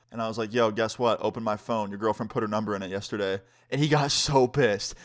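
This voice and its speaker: A man's voice: fairly low pitch, steady tone, brisk, few pauses. A young man vlogger telling a story time in a laid-back, casual way, swearing freely.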